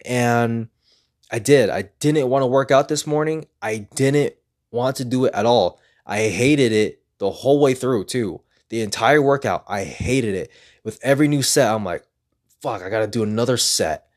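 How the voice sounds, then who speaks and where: A man's voice: medium pitch, moderate pace, a little mellow. A man talking earnestly in a casual motivational vlog, rambling and repeating himself as he pushes himself on. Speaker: vlogger.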